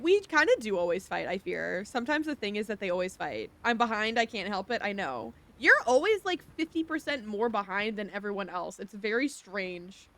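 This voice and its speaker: Over game music, a young woman streams a shop game with a medium-pitched, slightly bright voice. She's casual and giggly, reading the chat out loud and now and then putting on a playful whine.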